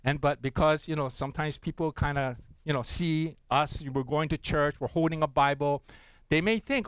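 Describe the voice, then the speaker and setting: A fairly high-voiced man preaching a sermon in a relaxed, conversational way. He keeps checking in with his listeners and chuckles at his own jokes. The sound is dry and close. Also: normal speed, clean tone, no echo, low-quality recording. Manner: conversational, often asks the congregation "right?"; tells a joke with acted voices. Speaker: pastor.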